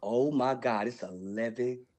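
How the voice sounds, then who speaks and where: A young man telling a wild story on a podcast, loud and animated, with sound effects and profane slang. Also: mid-range voice, measured pace, crowd noise, rough recording.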